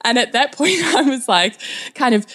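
A woman telling parenting stories in a casual chat, acting out scenes with animated energy. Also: high voice, moderate pace. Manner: animated storyteller who acts out tantrums.

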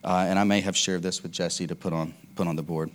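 Low-voiced man preaching casually. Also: level tone, fairly quick. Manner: conversational, storytelling with many fillers and restarts. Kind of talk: casual sermon.

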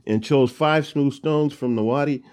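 Speaking at a measured pace, this man has a medium pitch and a somewhat dark tone. In a casual Bible teaching session, he reads verses out loud and then retells them loosely, using plenty of filler words.

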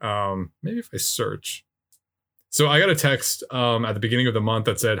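A man co-hosting a podcast, trading dry, deadpan jokes in casual chat. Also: mid-range voice, normal speed. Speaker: podcast co-host.

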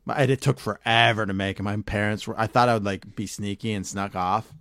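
A man's voice: lowish voice, steady tone, fairly quick, a bit bright, clear, resonant tone, dry recording, clean studio sound. A man co-hosting a podcast, telling stories in a casual, profane and blunt way. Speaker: podcast co-host. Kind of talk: casual chat.

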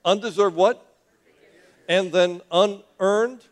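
A man preaches to his congregation with a slightly raised pitch. He is emphatic, repeats himself, and keeps calling on the listeners to answer back. The delivery is a full sermon style. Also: slow pace. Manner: emphatic, calls for congregation response, repeats words. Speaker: pastor. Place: church sanctuary.

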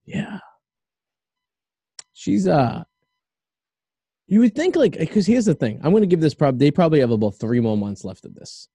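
A man hosting a loose podcast conversation, his voice mellow and relaxed. He rambles through opinions with plenty of ums and uhs. The recording is dry and close. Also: on the high side, normal speed, long pauses, husky, dry recording. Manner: rambling, opinionated, with lots of fillers. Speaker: podcast host. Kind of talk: casual podcast chat.

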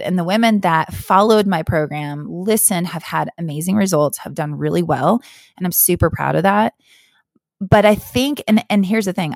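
A woman's voice: fairly low pitch, creaky, no room sound, studio quality. A woman hosting a podcast as a health coach, talking in a candid, earnest, chatty way with lots of fillers. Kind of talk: casual podcast monologue.

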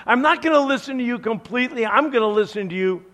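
A man voicing a self-assured, cheerfully defiant king in a loud, boastful, rushed way. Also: extremely high pitch, animated, voice pushed up.

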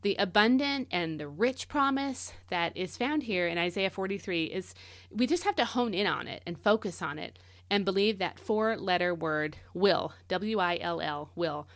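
A woman's voice: on the low side, lively intonation, moderate pace, dry recording, clean studio sound. A woman hosting a devotional podcast, teaching in a casual, conversational way and leaning hard on key words.

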